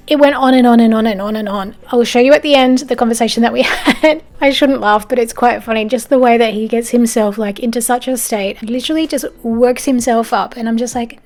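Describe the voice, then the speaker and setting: A woman's voice: fairly high pitch, fairly even intonation, fast talker, darkish tone. An Australian woman narrating her home cleaning vlog in a chatty, conversational voice-over with a light, amused tone. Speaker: home and lifestyle vlogger.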